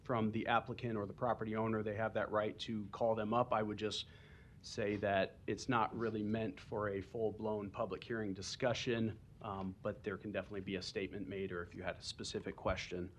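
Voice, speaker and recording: A man's voice: lowish voice, flat delivery, fairly quick, slight background noise. A man from the planning department briefing a board at a public meeting, explaining steps with frequent ums. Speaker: planning department staff member. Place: council chamber.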